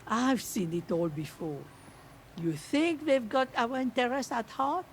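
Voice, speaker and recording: Casting: a stubborn old landlady in a game, scolding and lively in tone. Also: on the high side, a little slow, slight background noise. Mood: bitter. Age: older. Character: stern old grandmother landlady, distrustful.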